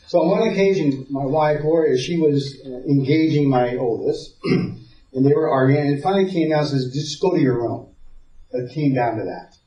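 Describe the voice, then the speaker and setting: A man's voice: medium pitch, warm tone. A man teaching a parenting seminar to a live audience, telling stories, repeating words as he thinks and checking in with the listeners. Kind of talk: conversational teaching talk. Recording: dull, roomy sound from far off.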